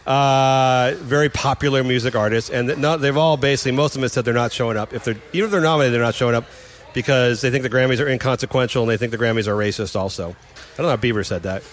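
Fast-talking opinionated man. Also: medium pitch, slight background noise. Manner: fast, opinionated, laughs often. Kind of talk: casual chat.

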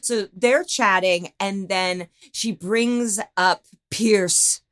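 A woman's voice: medium pitch, very slow, fairly bright tone, no room sound, clean studio sound. A woman co-hosting a podcast, chatting casually about a TV movie with frequent laughs and playful asides. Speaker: podcast co-host. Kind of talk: casual chat reviewing a TV movie.

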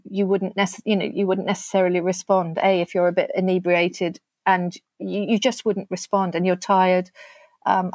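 A woman speaking as an interview guest, earnest and halting, often restarting her sentences. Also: fairly low pitch, a little mellow, no room sound. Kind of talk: conversational interview.

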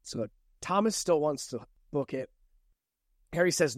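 A man's voice: a little high, normal speed, creaky, pauses often, dry recording, clean studio sound. Chatty man recapping a book. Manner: relaxed, chatty, laughs often. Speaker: podcast co-host. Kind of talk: casual chat recapping a book.

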